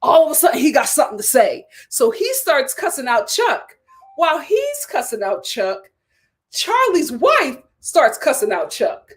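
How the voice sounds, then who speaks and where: A woman hosting a reality TV review, recapping episodes in animated casual commentary. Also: high-pitched, unhurried. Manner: animated storytelling with acted quotes and laughter.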